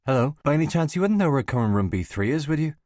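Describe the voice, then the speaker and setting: A man's voice: on the high side, sing-song, fast, darkish tone, no echo, studio quality, voice pushed up. A man voicing a sly, nervous young woman with a Northern Irish accent in an audiobook, raising his voice into a lighter tone.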